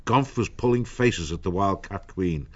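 A man reading an audiobook in a measured storytelling manner. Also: low voice, breathy edge, highs cut off. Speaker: narrator. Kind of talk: audiobook narration.

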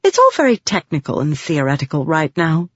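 A woman's voice: deep voice, wildly swooping pitch, breathy edge, no echo, exaggerated voice. A woman voicing a gracious noblewoman patron. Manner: gracious, measured, explaining patiently. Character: poised noblewoman patron of scholars. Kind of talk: audiobook character reading. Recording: dry, slightly muffled recording.

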